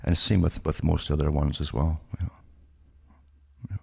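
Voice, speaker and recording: A man's voice: a bass voice, fairly even intonation, moderate pace, gravelly, a little mellow, slightly rough. An older man, a radio guest, telling stories from his past in a knowing, matter-of-fact way. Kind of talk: conversational radio interview.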